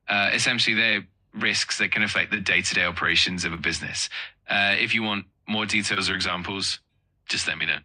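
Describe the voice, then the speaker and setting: A man's voice: deep voice, bright, forceful tone, low-quality recording. A man tutoring English vocabulary, explaining word meanings patiently and encouraging the learner. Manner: encouraging, upbeat, offers more help.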